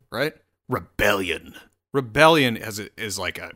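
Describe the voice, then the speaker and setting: A man's voice: medium pitch, animated, normal speed, long pauses, sharp tone. A man hosting his own solo show, rambling and swearing in a casual rant full of restarts. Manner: rambling, profane, self-interrupting.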